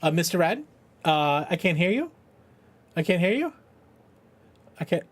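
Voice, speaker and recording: Streaming a game for charity, this middle-aged man has a high, very animated voice and an unhurried pace. He chats casually and rambles, joking around, swearing freely, and laughing often.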